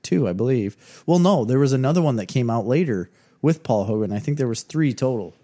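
A man's voice: medium pitch, expressive, brisk, mellow. A man co-hosting a podcast, chatting casually and insisting on his points with a joking tone. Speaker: podcast co-host. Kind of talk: casual chat.

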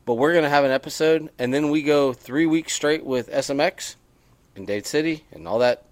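A man's voice: a little high, moderate pace, no room sound. A man co-hosting a casual motocross podcast, chatty and rambling with frequent restarts. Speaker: podcast co-host. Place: on a porch.

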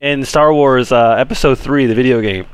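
A man co-hosting a podcast in casual chat, telling stories excitedly, with lots of fillers like "you know" and "basically.". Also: medium pitch, moderate pace, clean tone, no room sound. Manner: excitable storyteller, full of fillers and acted-out quotes. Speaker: podcast co-host.

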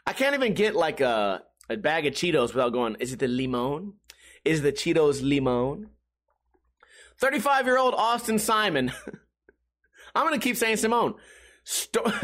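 Young man, high voice, rambling commentary, jokey tangents. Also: a bit bright. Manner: rambling, joking, often laughing. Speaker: host. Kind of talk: casual commentary reading news.

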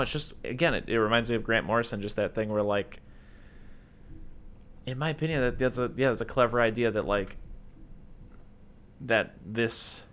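A man with a fairly low voice talks loosely through a movie, trailing off and slipping into quick impressions of the characters. He sounds like a regular co-host settling into a long, casual chat. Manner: relaxed, rambling with fillers and quoted bits. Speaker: podcast co-host.

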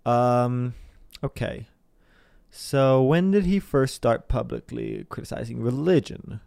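A man's voice: mid-range voice, animated, slow pace, gravelly, a little mellow, smooth, dry recording, studio quality. Sarcastic rambling young man. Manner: sarcastic, rambling, mocks people in put-on voices. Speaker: commentator. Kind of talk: casual news commentary monologue.

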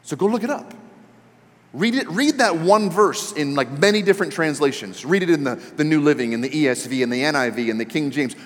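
A man preaching a sermon as pastor, animated and joking, building to emphatic questions. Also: medium pitch. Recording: long hall reverb.

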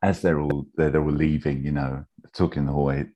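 Deep husky guy rambling thru a story, lots of ums, casual chat. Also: little pitch movement, a little fast, warm tone, dull audio. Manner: rambling, many fillers, acts out characters' lines in a high voice. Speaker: podcast guest pitching a fan episode.

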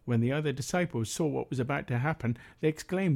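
Man reading the bible out loud at a prayer meeting, mellow relaxed voice, steady, some uhs when he talks off the page. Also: mid-range voice, fast, vocal fry. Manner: steady reading, with hesitant fillers when speaking freely. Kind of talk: Bible reading and spoken commentary.

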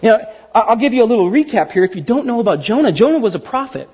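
A male pastor gives a casual, joking sermon, acting out the people in his story. His high voice swoops up and down and sounds slightly husky. The recording is dull and lo-fi. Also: rapid-fire, in a large hall. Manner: animated storyteller who acts out quotes with jokes.

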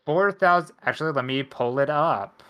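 A man hosting a casual podcast, chatting excitedly and reading out notes as he recaps a film. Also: a little high, moderate pace, clean tone, dull audio. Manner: excitable, reads numbers off a script. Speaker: podcast host.

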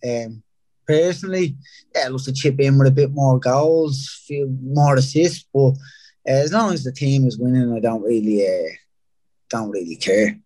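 A man's voice: mid-range voice, normal speed, no room sound. Irish guy, thirties, easygoing interview guest, dry close sound. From Ireland. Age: 30s. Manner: relaxed, laid-back storytelling with many fillers. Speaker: professional footballer, guest. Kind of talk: casual interview chat.

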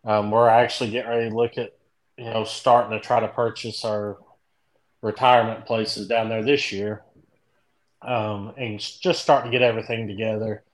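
A middle-aged man from Indianapolis with a Kentucky country accent, a podcast guest chatting loosely and telling stories in a drawn-out, rambling way. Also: lowish voice, little pitch movement, poor audio. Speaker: guest, dent repair tech. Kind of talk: casual podcast chat.

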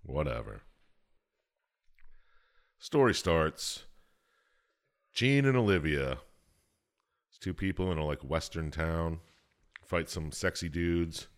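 A man's voice: very deep voice, lively intonation, slow, pauses often. A man co-hosting a casual podcast, laid-back and joking as he sums up a game's story in loose bits. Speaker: podcast co-host.

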